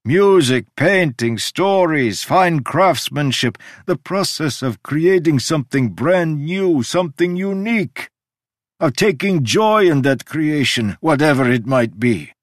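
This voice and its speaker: A man voicing an ancient male god who lectures in a sweeping, emphatic way, with sudden jumps in pitch. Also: expressive, measured pace, no room sound, clean studio sound. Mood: earnest. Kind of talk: audiobook character reading.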